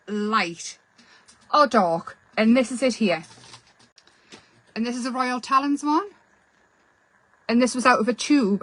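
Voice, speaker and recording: Casting: woman, craft host, chatty rambling teacher, slightly high voice. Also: a bit bright, poor audio. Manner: chatty, self-deprecating, rambling explanations. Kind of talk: casual painting tutorial.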